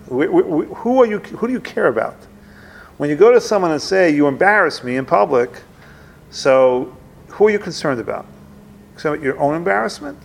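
Guy giving a laid-back religious talk, gravelly voice, acts out back-and-forths, faint hiss behind. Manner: conversational, plays out dialogues with rising pitch, repeats himself. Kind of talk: informal Torah talk.

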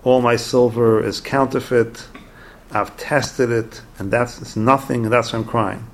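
A man voicing an earnest, gravelly pious scholar. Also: mid-range voice, fairly even intonation, measured pace, close to an everyday voice. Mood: remorseful. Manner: earnest, anguished confession. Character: pious young male Torah scholar, earnest.

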